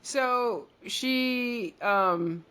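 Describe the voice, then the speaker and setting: A woman's voice: on the high side, very slow, bright, forceful tone, smooth. A woman co-hosting a podcast, recapping a TV episode in a chatty, rambling way full of fillers. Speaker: podcast co-host. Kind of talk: casual episode recap chat.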